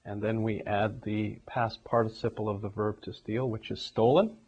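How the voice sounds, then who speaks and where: A man's voice: fairly low pitch, steady tone, normal speed, darkish tone, husky. A man teaching a grammar lesson, walking through numbered examples one step at a time. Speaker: English teacher. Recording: dull lo-fi recording.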